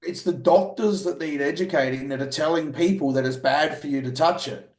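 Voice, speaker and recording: A man's voice: fairly high pitch, a little fast, roomy sound. An Australian man co-hosting a casual podcast, talking bluntly with plenty of swearing. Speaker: podcast co-host.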